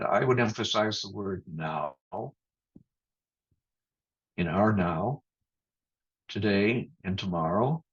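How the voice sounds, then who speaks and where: A man preaches a sermon in a measured, thoughtful way, pausing and restarting as he goes. His voice is husky and sits a little low. The sound is muffled, as over a video call. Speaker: pastor.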